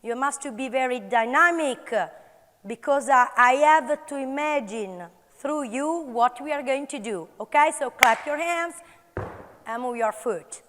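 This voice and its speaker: A woman's voice: high voice, unhurried, fairly bright tone. A woman with an Italian accent leading an audience through a movement exercise at a conference, calling out commands energetically. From Italy. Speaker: conference speaker. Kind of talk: live workshop demonstration. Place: large conference hall. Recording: reverberant conference hall.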